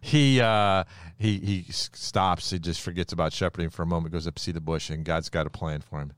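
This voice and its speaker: A middle-aged man hosting a podcast, telling a Bible story in a lively way and acting out the quoted lines. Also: sits low, a little fast, clear, resonant tone, no room sound, studio quality. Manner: animated storyteller who acts out the quoted lines. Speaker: podcast host. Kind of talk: casual Bible storytelling chat.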